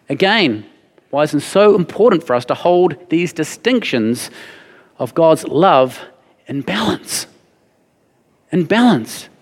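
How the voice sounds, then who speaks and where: A man's voice: high voice, big-room sound. A man preaching a sermon, earnest and emphatic, repeating his key phrases for weight. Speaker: pastor.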